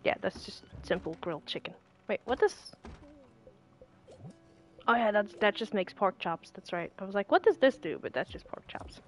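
A woman's voice: medium pitch, moderate pace, pauses often, faint music behind. A woman casually chatting and thinking aloud while playing a game. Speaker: game streamer. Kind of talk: casual let's play commentary.

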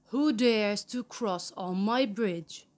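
A woman voicing a greedy, bad-tempered male troll who growls loud threats in a children's story. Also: medium pitch, slow pace, lightly acted. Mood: growling.

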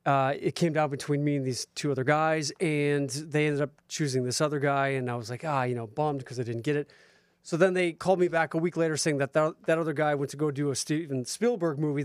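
A man guest tells a story with lots of animation and laughter. His voice sits high for a man and the sound is dry and close. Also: dry recording. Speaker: guest actor. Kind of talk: casual storytelling.

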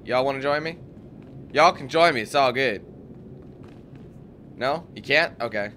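A young man commentates casually on a game in a let's play, chatty and swearing when frustrated. His medium-pitched voice is unhurried with a sharp tone, and there's slight background noise.

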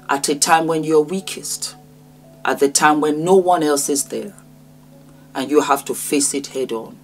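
A woman in her fifties giving impassioned commentary, speaking straight to the person she is talking about in an emotional, preachy way. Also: low-pitched. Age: 50s. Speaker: vlogger commenting on celebrity news. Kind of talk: impassioned direct-address commentary.

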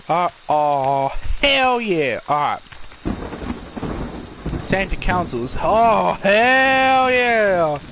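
A man calling out his game as he plays, loud, excitable and full of swearing. His pitch swoops all over the place while his words come slowly and drawn out. A faint hiss sits under his voice. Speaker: gamer. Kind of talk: live gameplay commentary.

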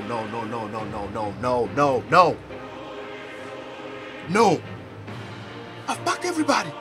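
A man giving excitable pack-opening commentary for a video game, exclaiming and shouting over each pick. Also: high voice. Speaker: gaming YouTuber.

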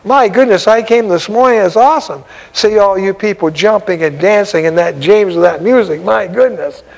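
An older man preaching a loose, conversational sermon, his voice pitched high and gravelly with fry. He bursts into exclamations of praise and chuckles between thoughts. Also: normal speed, low-quality recording. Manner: exclamatory, breaks into laughs and shouts of praise. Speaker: evangelist preacher. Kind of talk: informal sermon.

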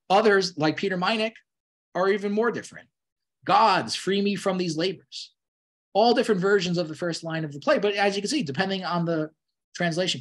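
Halting man lecturing, higher voice. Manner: halting, full of restarts and "you know"; conversational, explanatory. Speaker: college lecturer. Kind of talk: classroom lecture.

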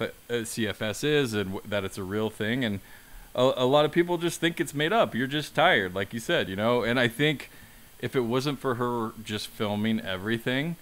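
A man's voice: on the low side, a bit bright. A man hosting a casual film podcast, summarizing in an easygoing way with many fillers. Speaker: podcast host.

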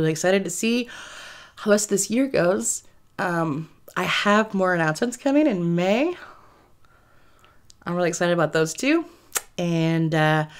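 A woman talking casually to her viewers in a rambling way, giggling often between phrases. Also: on the low side. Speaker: YouTube creator. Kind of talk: casual vlog talk to viewers.

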